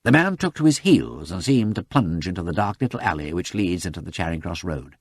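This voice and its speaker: Expressive man reading a mystery aloud. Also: low-pitched, fairly quick, slightly rough, dry recording, clean studio sound. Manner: expressive, animated storytelling. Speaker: audiobook reader. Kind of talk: scripted narration.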